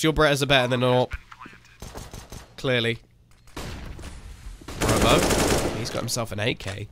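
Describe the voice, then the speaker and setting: A man casting a competitive shooter match solo, calling the plays with sudden rises in excitement and chatting with his viewers between rounds. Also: medium pitch, moderate pace, pauses often, heavy background noise. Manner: excitable play-by-play that slips into chat with viewers. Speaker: esports caster. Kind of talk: live game commentary. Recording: game gunfire and clicks behind the voice.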